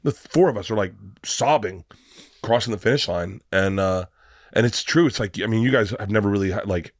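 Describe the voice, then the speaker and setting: A man's voice: on the low side, brisk, no echo, clean studio sound. A man as a podcast guest, telling stories in a brash, emotional way with swearing, played as a clip. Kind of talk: casual storytelling in an interview.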